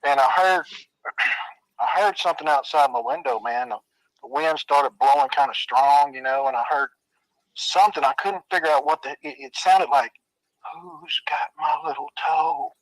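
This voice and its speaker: A man's voice: medium pitch, normal speed, no room sound, rough recording. A man telling a spooky childhood story in a casual, drawling way, swearing and making sound effects. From Arkansas.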